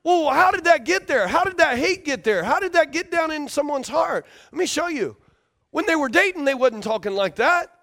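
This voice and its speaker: High, lively-voiced male preacher. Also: normal speed. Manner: emphatic, repeats key phrases, checks in with the congregation. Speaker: pastor. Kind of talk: sermon.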